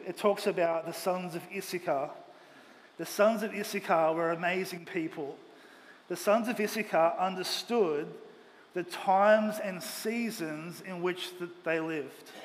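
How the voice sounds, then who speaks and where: High-voiced preaching man in echoing hall. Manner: earnest, emphatic preaching with rising emphasis. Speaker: pastor. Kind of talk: sermon. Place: church auditorium. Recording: long hall reverb, faint ambient noise.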